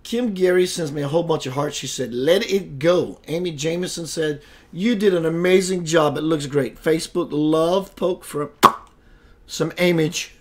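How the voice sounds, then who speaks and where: Playful guy hosting a spiritual stream, kinda high voice, chatting with viewers. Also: normal speed, darkish tone. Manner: chatty, playful, laughs often, greets viewers by name. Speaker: host of a spiritual web radio show. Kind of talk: casual livestream chat.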